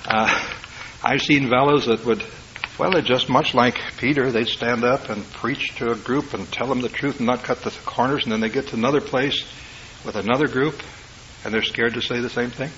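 A man preaching in a homespun, talky way, suddenly rising to loud high bursts before sinking back to a low murmur. His voice sits at an ordinary middle pitch. The recording is a dull, muffled tape with a faint hiss of the room behind him. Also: steady tone, normal speed. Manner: folksy, rising to loud emphatic bursts then dropping low. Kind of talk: sermon.

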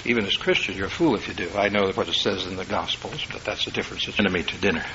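A man preaching a sermon in a folksy, conversational way, swinging between loud emphatic bursts and quiet low asides. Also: quick pace, background noise. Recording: dull lo-fi sermon tape.

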